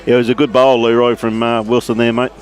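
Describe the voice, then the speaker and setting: A man's voice: medium pitch, level tone, quick pace, some chatter behind. Chatty Australian man calling lawn bowls. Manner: chatty, greets online viewers by name. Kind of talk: live sports commentary. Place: outdoors at a bowls club green.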